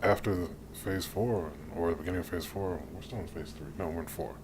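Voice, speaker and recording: Chill guy on a podcast, really deep voice, trips over words a bit. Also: steady tone, brisk, a little mellow, a little hiss or hum. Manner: laid-back, laughs easily, stammers. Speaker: podcast co-host. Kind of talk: casual chat.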